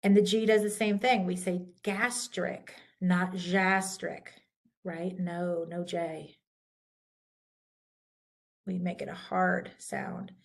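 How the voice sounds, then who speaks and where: This instructor's voice is lowish, a little mellow, and flat in delivery. Her recorded lecture works through pronunciation rules with patience, moving slowly and deliberately as she contrasts right and wrong ways of saying things.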